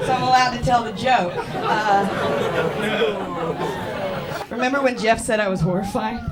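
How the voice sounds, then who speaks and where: A woman's voice: a little high, moderate pace, very noisy. A woman doing stand-up comedy on a club stage, brash and chatty, with a lot of swearing. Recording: live club, loud crowd.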